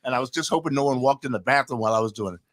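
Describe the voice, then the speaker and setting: An older man hosting a casual talk show, telling lively stories, laughing often and acting out what others said. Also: medium pitch, racing. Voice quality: animated storyteller, laughs often, acts out quotes. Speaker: host. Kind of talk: casual chat.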